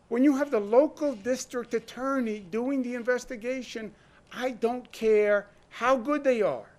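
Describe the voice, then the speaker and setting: A man speaking as a governor at a press briefing, emphatic and deliberate, firing off rhetorical questions and pausing to drive his points home. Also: very high voice, a bit bright.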